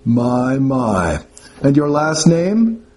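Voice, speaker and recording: A man's voice: medium pitch, big pitch swings, very slow, a little mellow. A man voicing an imperious, grumpy old male professor on his sickbed, who barks and bellows in a pompous manner.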